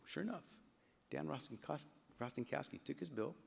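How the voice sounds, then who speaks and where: A middle-aged man gives a lively storytelling speech at a gala, jumping up and down in pitch as he acts out what others said. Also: normal speed, creaky, husky. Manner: animated storyteller, voice jumping up and down when quoting others. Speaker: congressman giving an award speech. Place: large banquet hall. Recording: long hall reverb.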